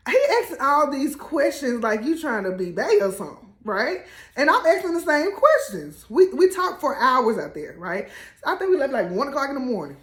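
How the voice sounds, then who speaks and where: A woman telling a story in a casual, animated way, laughing and acting out quotes. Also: mid-range voice, reverberant. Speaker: co-host telling their couple story.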